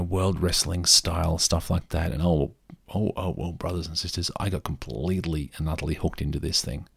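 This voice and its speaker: A man's voice: sits low, creaky, breathy edge, no room sound, clean studio sound. A man telling rambling, self-deprecating stories in a casual solo monologue.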